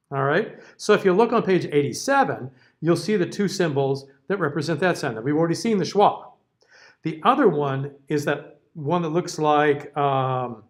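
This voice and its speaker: Diction teacher with a higher man's voice. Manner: explanatory, checks in often with okay; sings example words out. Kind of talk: classroom lecture.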